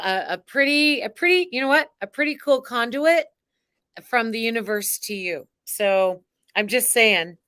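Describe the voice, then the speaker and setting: A woman's voice: medium pitch, fairly bright tone, smooth. A woman hosting a live spiritual card reading, talking in an exuberant, theatrical way with chanting and cheering.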